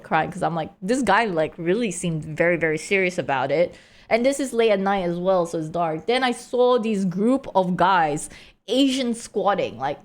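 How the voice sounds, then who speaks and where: A woman streamer telling a story to her chat in a casual, rambling way, full of "like" and "right?". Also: mid-range voice. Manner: rambling, heavy use of "like" and "right?". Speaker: live streamer.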